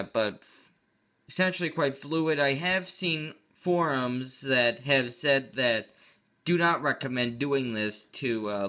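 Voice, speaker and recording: A tech channel host with a bright, clear, medium-pitched voice talks casually through a screen-recorded computer demo. He rambles a little and often corrects himself mid-sentence, sounding offhand and unpolished like a hobbyist.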